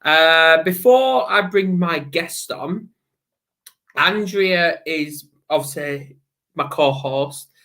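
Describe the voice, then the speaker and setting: A male host talks slowly in a bright, forceful voice. He rambles good-naturedly and corrects himself as he goes. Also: a little high. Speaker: podcast host. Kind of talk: casual show intro and chat.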